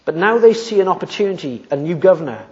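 A man preaching an expository sermon, emphatic and slowing down on key points. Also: sits high, animated, darkish tone. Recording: muffled sound with long reverb in a hall.

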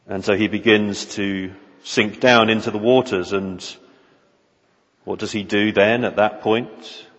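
A man preaching a sermon in an earnest, measured way, often posing rhetorical questions. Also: lowish voice, steady tone. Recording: reverberant hall, dull lo-fi sound.

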